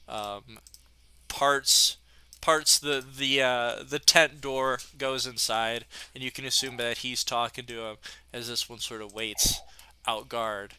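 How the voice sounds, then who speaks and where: A man's voice: mid-range voice, steady tone, slow, bright, forceful tone, clear, resonant tone. A young man narrating a tabletop game as game master, with loose, filler-heavy narration.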